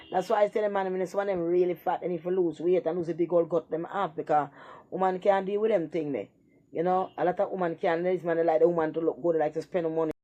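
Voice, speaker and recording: A woman talking bluntly in a rambling, profane casual monologue. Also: fairly low pitch.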